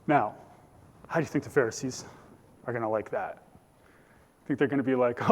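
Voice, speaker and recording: A man's voice: mid-range voice, normal speed, long pauses. A man preaching a conversational, jokey sermon as pastor, acting out voices from the scripture. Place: church sanctuary. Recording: church hall reverb.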